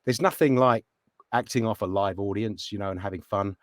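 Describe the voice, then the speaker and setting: A man's voice: fairly low pitch, brisk, dry recording, studio quality. A middle-aged man, an actor and voice actor, chatting casually as an interview guest and acting out voices as he tells stories. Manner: animated storyteller, acts out voices in anecdotes.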